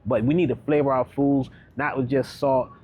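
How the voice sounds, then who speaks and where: A man coaching viewers through a casual grocery-store vlog, upbeat and conversational, tossing in a quick "right?" every few phrases. His voice sits at an ordinary middle pitch, and a faint hum of store noise stays in the background. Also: steady tone, muffled recording. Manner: upbeat, chatty, keeps asking "right?". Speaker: wellness coach.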